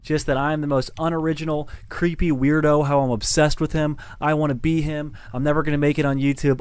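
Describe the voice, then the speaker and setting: A man's voice: on the high side, flat delivery, a little fast, hardly any pauses, darkish tone, clear, resonant tone, no room sound. A young man telling his side of a falling-out in an aggrieved, storytelling way. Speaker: YouTuber narrating his side. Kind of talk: video narration.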